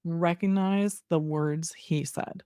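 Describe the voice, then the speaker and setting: Podcast host, low-voiced woman, steady and thoughtful, dry sound. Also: takes it slowly, clean tone, no room sound. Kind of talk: casual podcast interview.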